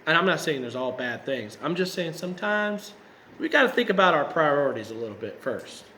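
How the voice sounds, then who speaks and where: Bright, chatty male preacher. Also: on the high side, big pitch swings, brisk, slight background noise. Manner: conversational, with rhetorical asides and self-corrections. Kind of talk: sermon.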